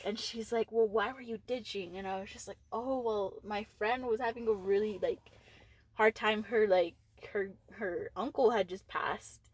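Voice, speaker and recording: A woman's voice: mid-range voice, normal speed, breathy edge, no echo. Teen woman podcaster, candid storyteller, lots of fillers, dry close sound. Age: teens. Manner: candid, swears freely, many "like" fillers. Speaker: podcast co-host. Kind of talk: casual storytelling chat.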